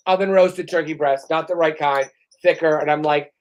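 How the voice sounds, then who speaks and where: A woman hosting a comedy podcast, telling stories in an animated, profane way and working herself up as she talks. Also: deep voice, normal speed. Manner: profane, animated storyteller who gets worked up. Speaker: podcast host. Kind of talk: comedic casual chat.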